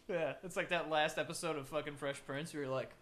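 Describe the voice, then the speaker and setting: A young man co-hosting a podcast from a makeshift home studio, joking loudly and crudely in casual banter. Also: a little high, moderate pace, slight background noise. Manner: loud, joking, crude, animated. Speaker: podcast co-host.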